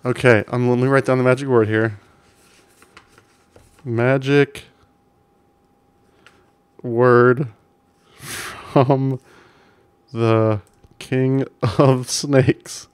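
A man's voice: mid-range voice, steady tone, very slow, pauses often, smooth, no room sound. A man casually commenting while playing an old adventure game, reading game text aloud with amused chuckles.

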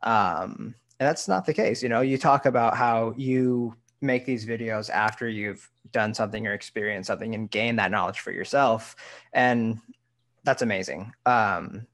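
A man hosting a casual podcast interview, encouraging his guest and filling pauses with "um". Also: mid-range voice, a bit bright. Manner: encouraging, frequent "um". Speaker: podcast host.

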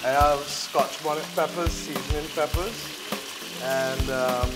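A middle-aged woman, a guest cook who chats in a relaxed way and explains each step as she cooks in a studio kitchen. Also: deep voice, unhurried, over loud music, rough recording. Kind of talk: casual cooking chat.

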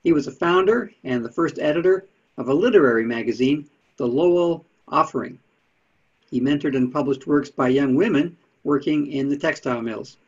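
Husky-voiced man giving a casual history talk. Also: mid-range voice, a little mellow. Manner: chatty, dry asides and small laughs. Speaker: presenter of talks on Unitarian history. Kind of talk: casual lecture with slides. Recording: dull lo-fi sound.

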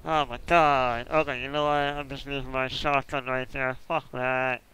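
A frustrated man commentating his gameplay, swearing constantly and swinging between muttered complaints and yelling outbursts. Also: medium pitch, level tone, moderate pace, slight background noise, rough recording. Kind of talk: raging let's-play commentary.

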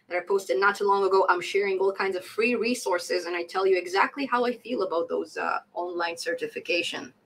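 A woman's voice: mid-range voice, fairly quick, few pauses, a bit bright, rough recording. A woman in her thirties hosting a casual coding live stream, reading chat comments aloud, laughing often and repeating phrases for emphasis.

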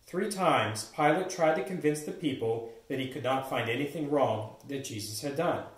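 A man's voice: medium pitch, normal speed. A man reading a story aloud steadily as a narrator in a church pageant. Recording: echoey church, distant mic.

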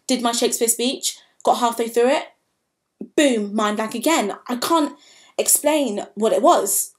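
A woman in her twenties, recounting a painful experience in a candid, halting personal vlog. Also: fairly high pitch, fairly even intonation. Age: 20s. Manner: candid, halting, emotional storytelling. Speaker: vlogger.

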